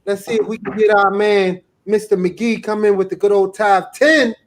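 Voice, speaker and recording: A man with a notably high speaking voice hosts a live video call show. He is playful and excitable, joking with his guests. It sounds like a video call mic. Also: moderate pace. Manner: playful, excitable, laughs often. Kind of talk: casual live-stream banter.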